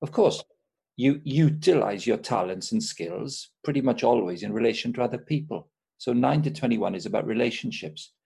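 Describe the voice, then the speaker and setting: A man's voice: medium pitch, expressive, normal speed, gravelly, warm tone, slightly rough. A man explaining a Bible passage in an earnest, teacherly and enthusiastic way during a podcast conversation. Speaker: guest, Christian sports speaker.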